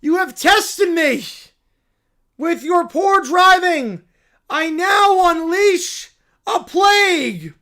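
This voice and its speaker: Little bear, shrill, zealous, loud, swooping pitch. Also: male voice, animated, very slow, full character voice. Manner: shrill, wildly enthusiastic proclamations. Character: excitable little male bear, pizza-church zealot.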